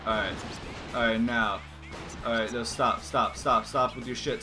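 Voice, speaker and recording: A young man commenting casually while playing a video game at home, swearing and yelling at the screen. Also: medium pitch, steady tone, unhurried, soft background music. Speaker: gaming channel host. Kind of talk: casual let's-play commentary. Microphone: desk microphone.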